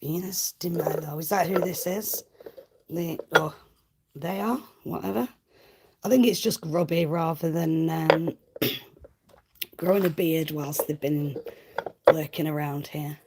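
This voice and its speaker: A woman's voice: sits low, steady tone, a little slow, gravelly, long pauses, heavy background noise. A woman hosting a casual livestream, chatting cheekily with viewers and laughing often. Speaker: livestream host.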